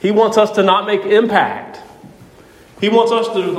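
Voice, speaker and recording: Brief: high-pitched male pastor, fervent sermon delivery, long-reverb church hall. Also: steady tone, measured pace, slight background noise. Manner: impassioned, addresses congregation members directly. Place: church sanctuary.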